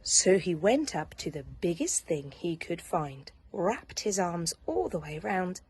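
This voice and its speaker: Soft, breathy woman reading a bedtime story. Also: lowish voice, sing-song, a little slow. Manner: soft, hushed and soothing, drifting into whispers.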